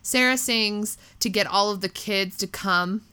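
A woman co-hosting a casual chat, animated and acting out lines from scenes she retells. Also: mid-range voice, measured pace, clear, resonant tone. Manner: animated, acts out quotes from scenes.

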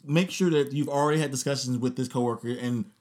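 A man's voice: mid-range voice, steady tone, fast talker, darkish tone. A man co-hosting a casual podcast chat, teasing his partner with dry, wry asides. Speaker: podcast co-host.

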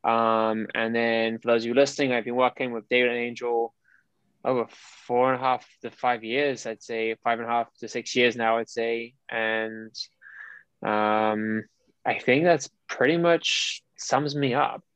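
A man's voice: mid-range voice, steady tone, measured pace, a bit bright, smooth, no echo, dull audio. A man, a personal trainer, chatting casually as a podcast co-host, rambling and restarting his sentences. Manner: rambling, restarts often, conversational.

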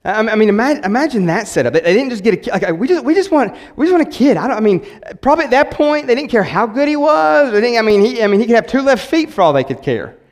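A man, preaching a sermon in an animated way, repeating words and acting out quotes. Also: high-pitched, quick pace, hardly any pauses. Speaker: pastor. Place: church sanctuary. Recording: long hall reverb.

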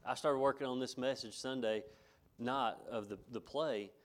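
A middle-aged man preaches to his church in a folksy, homespun way. He circles back over his phrases and chuckles between points. His voice sits at a medium pitch. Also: normal speed. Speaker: pastor. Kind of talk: sermon.

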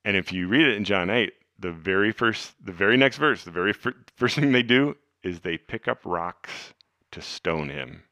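A man hosting a podcast, teaching the Bible in an earnest, conversational way, dropping to hushed tones for emphasis. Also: low-pitched, lively intonation, normal speed, no room sound, clean studio sound. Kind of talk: casual teaching talk.

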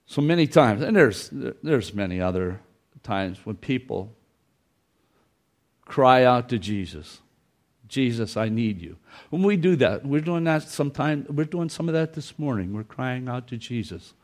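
A man preaches a Sunday sermon in a church. His voice sits at an ordinary middle pitch, and his delivery is folksy, with repeated phrases and quoted lines acted out for the congregation. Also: animated, a little slow. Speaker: pastor.

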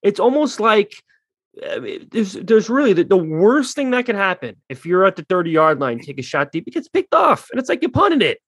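A man's voice: high voice, big pitch swings, normal speed, a bit bright, slightly rough, no room sound. A man ranting bluntly in casual sports talk, swearing freely and getting heated. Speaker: podcast co-host.

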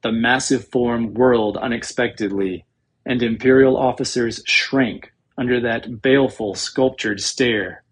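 A man reading a novel aloud as an audiobook narrator, in a measured, dramatic storytelling manner with a husky voice. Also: mid-range voice, steady tone.

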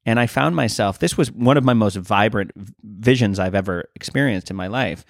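Earnest male guest, animated storyteller, lower voice, dry close sound. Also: brisk, vocal fry, no echo. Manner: animated, earnest, swears casually. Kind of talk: casual storytelling.

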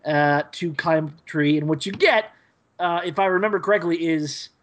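A man co-hosting a podcast, giving a rambling, hesitant episode recap full of fillers and pauses. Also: fairly high pitch. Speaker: podcast co-host.

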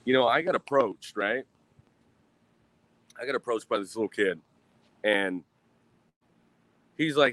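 Low-voiced man rambling over a beer. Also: animated, unhurried, long pauses, fairly bright tone, no room sound. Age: 30s. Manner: rambling, swears a lot, sighs. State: drinking beer. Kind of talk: casual rambling monologue.

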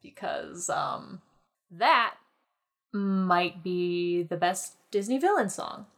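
A woman co-hosting a podcast in casual chat, enthusiastic and quick to restart her sentences. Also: lowish voice, lively intonation, a bit bright. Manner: enthusiastic, frequent restarts and stammered repeats. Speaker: podcast co-host.

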